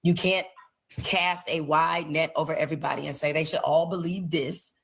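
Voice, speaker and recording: A woman giving measured political commentary in a deliberate way. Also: low voice, fairly even intonation, creaky, husky.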